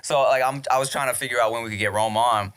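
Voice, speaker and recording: A man hosting a podcast, chatting casually and telling stories with lots of laughter and quick restarts. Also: medium pitch, fairly even intonation, a bit bright, smooth. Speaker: podcast host. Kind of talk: casual chat.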